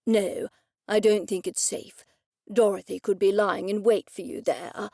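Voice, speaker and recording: A stubborn old gentleman speaks with fussy, indignant formality, as a woman narrator puts him on. The voice has a gravelly grain. It sits close and dry. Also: mid-range voice, fairly even intonation, unhurried, dry recording. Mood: suspicious. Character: elderly gentleman, pompous and stubborn.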